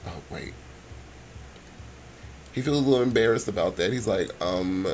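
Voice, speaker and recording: A man's voice: low voice, expressive, moderate pace, long pauses, noisy background. A man casually narrating a life-sim game story, chatty and voicing the characters. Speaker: gameplay storyteller.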